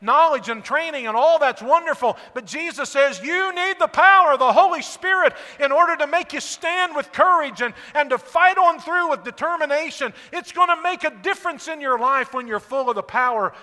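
A man preaching a sermon from the pulpit, moving between hushed and near-shouting passages. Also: very high-pitched, moderate pace, hardly any pauses. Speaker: pastor. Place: church sanctuary. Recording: long reverb of a church hall.

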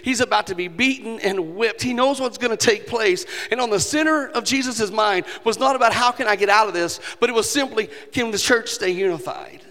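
A man's voice: high voice, brisk, hardly any pauses, sharp tone. A male pastor preaching a sermon, earnest and rising to emphatic passages. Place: church sanctuary. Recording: long reverb of a large hall.

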